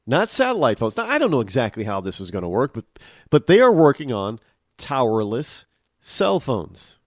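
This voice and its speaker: A man holds forth on his talk show in an unscripted monologue. His pitch swings widely as he presses his points, and he often doubles back and repeats words mid-thought. The voice is mid-pitched and recorded close and dry, with no room sound. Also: sing-song, normal speed, dry recording. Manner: conversational, emphatic, frequent restarts and repeated words. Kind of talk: opinionated monologue.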